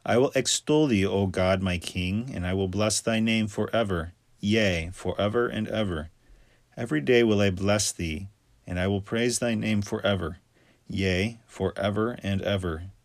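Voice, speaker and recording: Man reading scripture aloud, low and dry. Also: normal speed, no room sound. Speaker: scripture reader.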